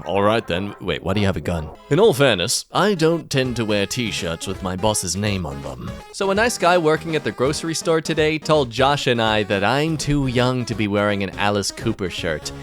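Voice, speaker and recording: A man reading social media posts aloud for comedy, adding sarcastic, wry commentary. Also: medium pitch.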